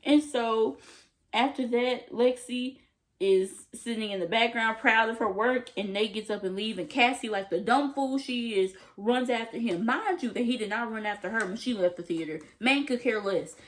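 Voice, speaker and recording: A woman's voice: on the high side, normal speed. A young woman vlogger recapping a TV episode in a gushing, slangy way, acting out the characters' lines as she goes. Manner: gushing, slangy, acts out quotes. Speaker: TV review vlogger. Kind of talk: animated casual recap.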